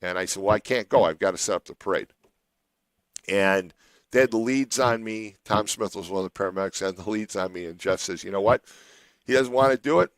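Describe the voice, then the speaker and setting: A man's voice: low-pitched, fairly even intonation, fairly quick, no echo, rough recording. A middle-aged man hosting a radio show, telling a long personal story in a rambling way with many restarts.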